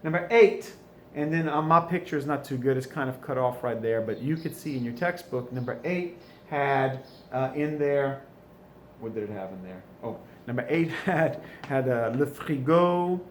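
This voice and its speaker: With a mid-range voice, lively intonation and normal speed, a South Louisiana-accented man teaches French in a recorded lesson reviewing answers. He is patient and answers the questions he asks, and the recording has an echoey room with faint ambient noise.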